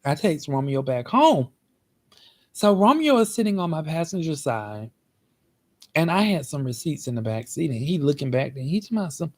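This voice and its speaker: A man's voice: a little high, normal speed. Chatty man telling a story. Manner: animated, repetitive, chatty. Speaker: host. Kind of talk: casual storytelling.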